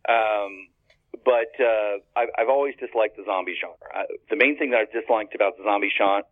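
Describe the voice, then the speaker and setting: A man's voice: on the low side, normal speed. A man being interviewed as a guest author, talking casually and wryly and laughing at his own jokes. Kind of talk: casual podcast chat. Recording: phone-like call audio, dry.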